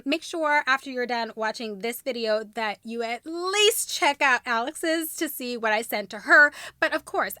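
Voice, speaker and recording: A woman's voice: high-pitched, pushed and bright, dry recording. A young woman hosting her own channel, unboxing a gift box and gushing over each item with squeals of delight. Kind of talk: bubbly unboxing vlog.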